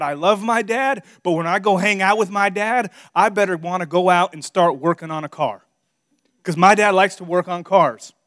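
Storytelling pastor, bright dry voice. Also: male voice, high-pitched, dry recording. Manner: storytelling, swings from quiet asides to loud emphatic preaching. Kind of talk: sermon with personal story.

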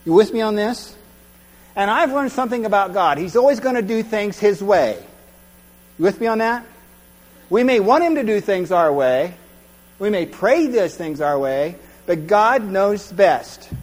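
A man with a high, bright voice preaches in a relaxed, conversational way, often stopping to check that his listeners follow him. He acts out the voices of the crowd as he goes. The sound carries a long hall reverb over a low mains hum. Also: a little slow. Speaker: pastor. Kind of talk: sermon.

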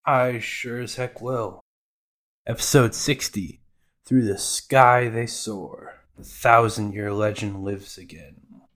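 A man's voice: on the low side, steady tone, slow, fairly bright tone. A man hosting a podcast, casually recapping anime episodes with irreverent, profane asides. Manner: irreverent, swears freely, mock voices for characters.

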